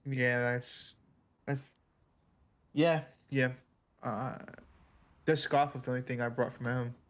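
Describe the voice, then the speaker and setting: A man voicing a shy young British male wizard student who speaks softly and hesitantly. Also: mid-range voice, steady tone, slow, natural voice. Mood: gentle.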